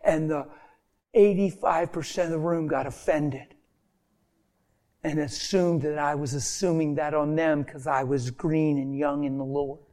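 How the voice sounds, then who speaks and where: Man preaching, gets emotional, repeats stuff for punch, slightly high voice. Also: fairly even intonation, unhurried, a little mellow. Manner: emotional, with rhetorical repetition and sudden drops to a near whisper. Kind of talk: impassioned sermon.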